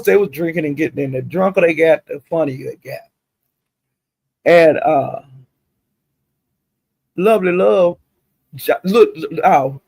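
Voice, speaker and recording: Man, gossipy stream host, raspy fry, slightly high voice. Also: darkish tone, dry recording, low-quality recording. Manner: gossipy, drawling, addresses chat directly. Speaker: commentator recapping livestream drama. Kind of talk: casual chat to a livestream audience.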